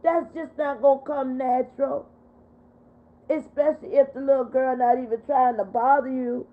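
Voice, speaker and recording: Older woman, livestream host, higher voice, heartfelt and repeating herself, tinny phone audio. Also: moderate pace. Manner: heartfelt, repetitive, upset but steady. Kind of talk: casual livestream chat.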